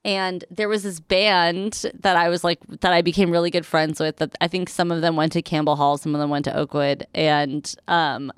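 Smooth-voiced woman telling a rambling story. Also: on the low side, fairly even intonation, moderate pace, few pauses, no echo, clean studio sound. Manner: rambling, fillers of "like", laughs often. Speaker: podcast co-host. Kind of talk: casual chat, storytelling. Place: hotel room.

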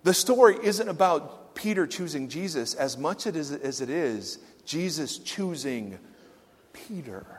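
A man pastor delivering a sermon, swinging from loud emphatic lines to hushed, quiet asides. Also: on the high side, lively intonation, unhurried, breathy edge, big-room sound.

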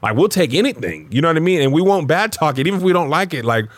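A man who is a comedian, a guest on a podcast, talking in an animated way and jumping high in pitch for emphasis. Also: quick pace, dry recording. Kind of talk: casual chat.

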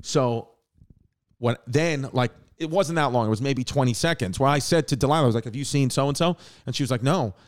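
Guy hosting a podcast, rambly and animated, cursing a lot, acts out the quotes. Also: medium pitch, a little fast. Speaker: podcast host. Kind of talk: casual storytelling.

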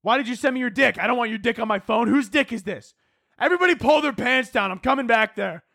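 A man voicing an angry, insecure male airline pilot who rants in a high, defensive, shouting voice. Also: sing-song, slow pace, no echo, studio quality. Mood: indignant.

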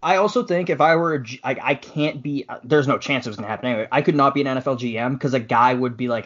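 A man's voice: medium pitch, fast, hardly any pauses, fairly bright tone. Petty joking man, muffled podcast audio. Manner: petty, joking, role-plays as a general manager. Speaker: podcast co-host. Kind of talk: casual sports podcast chat.

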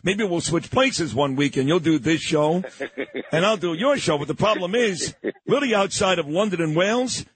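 A man's voice: high-pitched, expressive, moderate pace, slightly rough. A man hosting a radio talk show, chatting casually and effusively and often laughing. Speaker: radio host.

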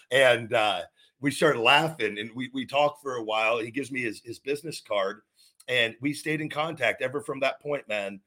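A man in his forties tells a story on a podcast, with a bright, forward tone. He rambles and circles back, restarting sentences and repeating words as he goes. His pitch sits in a middling range. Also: moderate pace. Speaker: podcast host, former wrestler. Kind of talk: casual storytelling chat.

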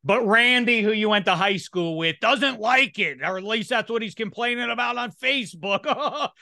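A high-pitched man with a bright, forceful tone hosts a casual sports podcast. He rants and scolds in a playful, mocking way. His voice sounds close and dry, with no room sound. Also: normal speed, gravelly, few pauses, no room sound. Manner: animated ranting, mock complaints. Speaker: podcast host.

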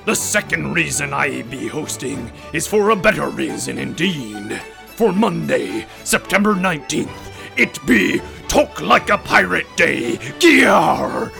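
A man hamming up a gravelly pirate captain. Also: a little high, big pitch swings, slow pace, sharp tone, soft background music, exaggerated voice. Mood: blustery. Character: gruff boastful male pirate captain. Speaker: podcast host. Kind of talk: comedic pirate role-play hosting.

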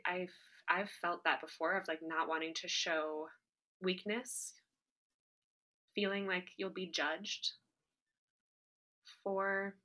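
A woman's voice: on the low side, pushed and bright. A woman who hosts a podcast and acts, answering interview questions in an earnest, emotional way with many fillers and restarts. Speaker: podcast host and actor.

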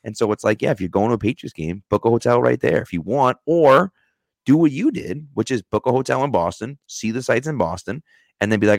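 A man co-hosting a casual sports podcast, explaining things in a relaxed way and often asking "right?". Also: medium pitch, a little fast, creaky, no echo, clean studio sound. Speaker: podcast co-host. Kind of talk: casual chat.

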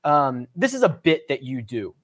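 A man's voice: mid-range voice, big pitch swings, moderate pace. A man hosting a golf podcast in a casual, upbeat and chatty way. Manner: upbeat, chatty, promotes sponsors and links. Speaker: podcast host.

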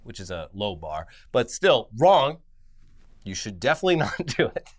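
A man co-hosting a casual news podcast, joking and sarcastic, dropping low and quiet for asides. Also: big pitch swings, moderate pace. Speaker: podcast co-host. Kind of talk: casual news chat and ad read.

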